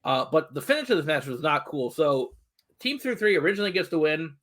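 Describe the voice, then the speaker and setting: A man's voice: a little high, very animated, fairly quick, a bit bright. Man recapping matches with a fair lift. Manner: recaps matches with many "um"s, amused disbelief. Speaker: podcast co-host.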